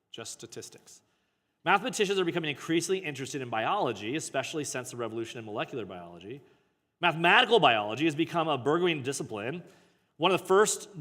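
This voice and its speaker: A man's voice: fairly high pitch, fairly bright tone. A man, a pastor, reads passages from a book aloud and breaks off into casual, joking commentary and self-corrections. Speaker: pastor teaching a book study. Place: church hall. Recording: long hall reverb.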